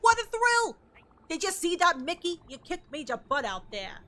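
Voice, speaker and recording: A woman voicing a brash older male gangster boss, reading game dialogue aloud with bossy, gruff wisecracks. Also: extremely high pitch, sing-song, normal speed, sharp tone, voice pushed up, exaggerated voice.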